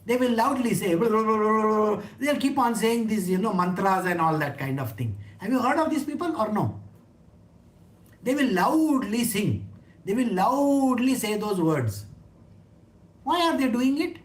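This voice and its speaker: A woman's voice: on the high side, big pitch swings, measured pace. A woman giving an informal talk on scripture, chatty, often asking her listeners questions and laughing. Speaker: spiritual teacher. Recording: echoey room.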